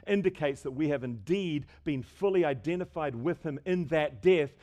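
Preaching with a medium-pitched voice, this middle-aged pastor moves between booming emphasis and quiet asides. He often restarts his sentences and throws out rhetorical questions.

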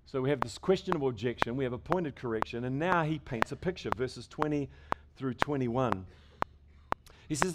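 A man's voice: mid-range voice, lively intonation, normal speed. Emphatic preacher man, noisy recording. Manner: emphatic, asks the congregation rhetorical questions. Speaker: pastor. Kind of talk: sermon. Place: church service before a congregation. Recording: loud background noise with clicks.

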